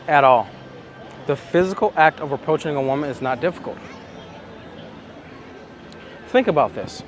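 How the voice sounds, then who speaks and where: Man coaching slowly outdoors. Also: on the high side, a little hiss or hum. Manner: slow, repetitive, emphatic. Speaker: dating coach. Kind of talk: reflective monologue.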